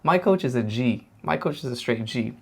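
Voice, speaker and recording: A professional boxer reacting to anime tells stories in a casual, slangy, animated chat, acting out the voices of the people in them. His medium-pitched voice is husky with vocal fry, at normal speed.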